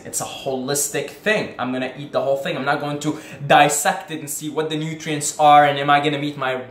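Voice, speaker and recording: Animated man in an echoey room. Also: mid-range voice. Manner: animated storyteller acting out his own panic. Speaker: spiritual video host. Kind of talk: casual spoken monologue. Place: at home. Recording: echoey room, faint background hiss.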